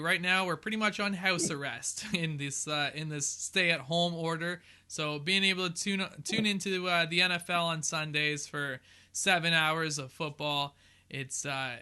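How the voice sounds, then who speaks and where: A man's voice: on the high side, pushed and bright, clean tone. A man co-hosting a casual sports chat show, upbeat and joking in his banter. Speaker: co-host.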